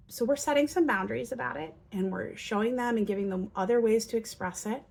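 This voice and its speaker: A woman's voice: on the high side, quick pace, gravelly, few pauses, a little hiss or hum. A woman talking earnestly to parents, giving advice on handling children's behavior and acting out example lines. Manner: earnest, acts out quotes in lively voices. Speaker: parenting educator. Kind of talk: instructional talk to parents.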